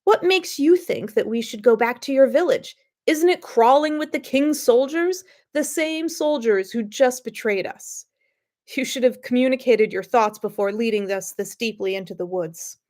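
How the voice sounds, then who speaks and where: A gruff, bossy soldier in an audio storybook, read by a woman in her own fairly high voice. He barks impatient demands and growls his complaints. The reading is slightly sniffly. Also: moderate pace, a little mellow, natural voice. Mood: irritated. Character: tall formidable male soldier, gruff and bossy.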